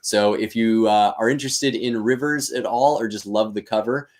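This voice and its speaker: A man's voice: fairly low pitch, moderate pace. A man hosting a live-streamed reading and commentary, talking casually and thinking aloud with fillers. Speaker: teacher and host.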